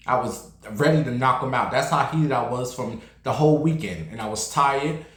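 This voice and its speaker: A man's voice: mid-range voice, fairly quick, few pauses, roomy sound. Sassy New man telling a story. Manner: sassy, animated, blunt storytelling. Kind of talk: casual storytelling vlog.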